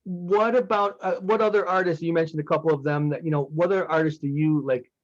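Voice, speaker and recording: A man's voice: a little high, steady tone, fast. A man interviewing a songwriter, chatty and enthusiastic, with many fillers. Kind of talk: casual interview talk. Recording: dry, dull lo-fi sound.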